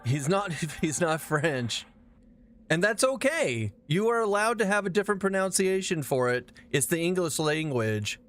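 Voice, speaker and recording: A man's voice: a little high, measured pace. A man streaming a game live, chatting casually with his chat, rambling and swearing as he plays. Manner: profane, animated, rambling.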